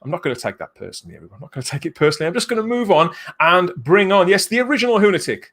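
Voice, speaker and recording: Lively, jokey man hosting. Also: high voice, rapid-fire. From England. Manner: jokey, excitable, laughs often. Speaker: livestream host. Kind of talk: casual live show chat.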